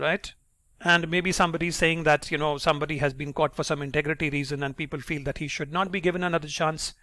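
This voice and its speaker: Male teacher, fairly high voice, explanatory, dry close recording. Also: fairly even intonation, a little fast, fairly bright tone, no room sound. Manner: explanatory, often tags sentences with "right?". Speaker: English teacher. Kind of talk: online grammar lesson.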